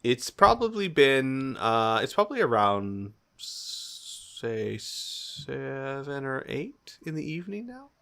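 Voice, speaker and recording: Bright-voiced male game master. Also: mid-range voice, very animated, slow. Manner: casual, filler-heavy, laughing often. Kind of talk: narrating a tabletop game.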